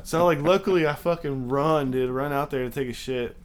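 Profane, animated young man telling a story. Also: medium pitch, a little fast, a little hiss or hum. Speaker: podcast guest. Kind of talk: casual storytelling.

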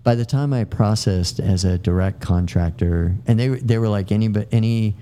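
A man's voice: on the low side, moderate pace, mellow, slight background noise. A middle-aged man, a military veteran guest, telling long casual anecdotes full of fillers and restarts. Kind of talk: casual storytelling.

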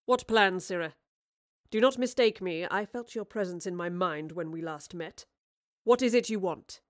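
A woman's voice: lowish voice, normal speed, dry recording, natural voice. Defiant period playwright, clipped and formal, a woman voicing him, dry sound. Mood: mocking. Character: male playwright, wry and defiant.

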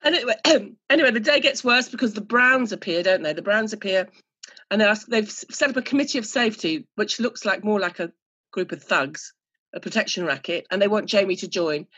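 A woman's voice: medium pitch, lively intonation, brisk, a bit bright, husky, lo-fi sound. A woman co-hosting a podcast, recapping a TV episode in casual chat with dry, wry asides. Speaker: podcast co-host.

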